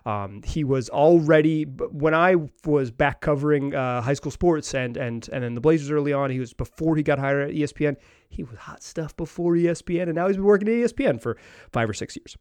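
A man's voice: a little high, fairly quick, darkish tone, clean tone, no room sound. A man hosting a sports podcast, talking casually and rambling with many restarts and fillers. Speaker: podcast host.

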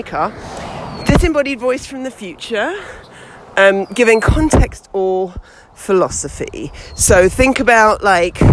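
A woman hosting a podcast, teaching storytelling in a lively, chatty way while she walks outdoors with her baby. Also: medium pitch, noisy background. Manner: lively and chatty, with many fillers. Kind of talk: casual instructional talk. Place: outdoors, walking with a baby past traffic.

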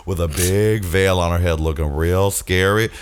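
A man in casual comic chat, retelling a story with animated, exaggerated delivery. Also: sits low, normal speed, clean tone.

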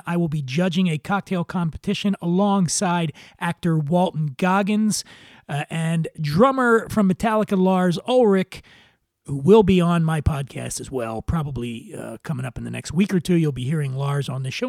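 Podcast host, man from Philadelphia; gravelly, dry close-mic sound, wry and jokey. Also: high voice, darkish tone, no echo. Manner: wry, joking asides with filler words. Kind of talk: podcast monologue with housekeeping and scripted narration.

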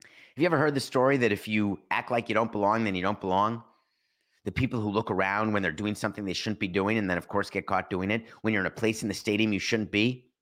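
A man hosting a sports talk show, telling stories in a playful, animated way with sudden jumps in pitch. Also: quick pace. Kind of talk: casual podcast monologue.

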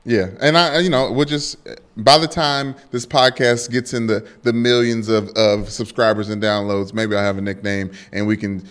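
A young man co-hosting a sports podcast, telling stories in a playful, animated way. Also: on the low side, moderate pace, clear, resonant tone. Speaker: podcast co-host. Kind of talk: casual sports podcast chat.

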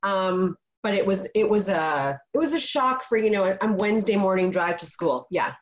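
A woman's voice: mid-range voice, expressive, normal speed. A middle-aged woman on a video call, telling a parenting story in an earnest, casual way. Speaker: panelist. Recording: dull lo-fi video call audio.

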